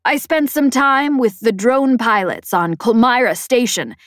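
A woman voicing a loud, blustery older woman who captains a band of raiders, shouting high over the comm. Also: animated, unhurried, no room sound, studio quality.

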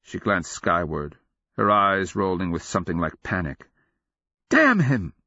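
Male audiobook narrator, measured and steady; dull, lo-fi, very dry recording. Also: deep voice, dry recording. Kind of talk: scripted fantasy narration.

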